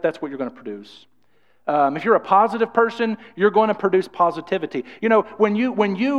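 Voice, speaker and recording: A pastor, preaching a sermon in a rambling way with many restarts and repeated words. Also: male voice, sits high. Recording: reverberant church hall, dull lo-fi sound.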